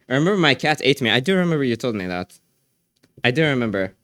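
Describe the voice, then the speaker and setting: A man's voice: medium pitch, very animated, fast, fairly bright tone, smooth, no echo, studio quality. A young man streaming live, chatting casually in a rambling, slangy way with lots of restarts.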